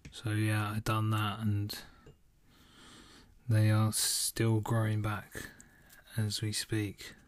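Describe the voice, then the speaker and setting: A tired young podcast host yawns his way through a casual solo episode, rambling, swearing and staying laid-back as he answers listener questions. His voice is on the low side, monotone and slow. There's no echo.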